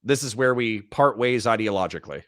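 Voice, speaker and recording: A man's voice: lowish voice, animated, a little fast, fairly bright tone, no echo, studio quality. A man hosting a casual political debate stream, laughing hard and apologizing again and again. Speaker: streamer host.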